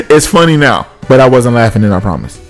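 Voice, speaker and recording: A man's voice: medium pitch, wildly swooping pitch, a little fast, soft background music. A man casually telling a comic personal story, acting out the other people's voices.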